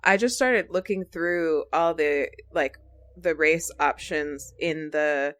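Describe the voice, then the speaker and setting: A woman's voice: sits low, slow, a bit bright. A woman co-hosting a podcast in casual chat, rambling with many restarts and filler words. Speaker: podcast co-host.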